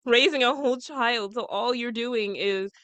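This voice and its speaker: Young woman podcast co-host, casual and profane, breaks into laughter mid-story; bright, slightly high voice, dry close sound. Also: normal speed, no echo. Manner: blunt, profane, laughs often while telling stories. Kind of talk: casual chat.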